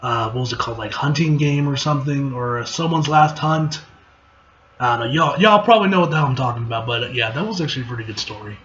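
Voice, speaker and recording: A man's voice: mid-range voice, fast talker, fairly bright tone, lo-fi sound, slight background noise. A man reading aloud and reacting casually, rambling, swearing, and trailing off mid-thought. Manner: rambling, profane, trails off and restarts. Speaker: comic reaction host.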